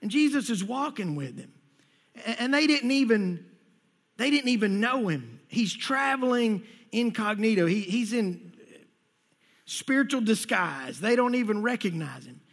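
A male pastor with a very high voice preaching a sermon, talking conversationally and often repeating words. He asks the congregation questions directly. The sound carries a long reverb from a large church hall. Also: animated, a little slow, fairly bright tone, slightly rough.

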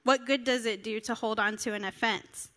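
A woman's voice: a little high, steady tone, normal speed, sharp tone. A woman preaching a sermon, reading scripture and then explaining it, earnest and emphatic as she speaks straight to her listeners.

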